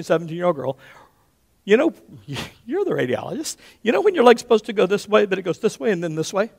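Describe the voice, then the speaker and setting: A man in his fifties preaching a sermon as pastor, telling stories with big swings between loud and hushed, often checking in with "okay?". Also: high-pitched, vocal fry. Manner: animated storyteller, often checks in with "okay?", drops to a hush for quotes.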